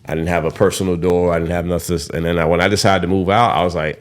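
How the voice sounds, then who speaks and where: A man's voice: low voice, little pitch movement, fast talker, few pauses. A young man hosting a podcast, talking candidly in a rambling, casual way and swearing freely. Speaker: podcast host.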